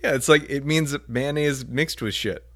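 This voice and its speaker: A young man co-hosting a casual podcast. He speaks in a relaxed, understated way and delivers his jokes dryly. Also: medium pitch, moderate pace. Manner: dry, understated, laid-back. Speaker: podcast co-host.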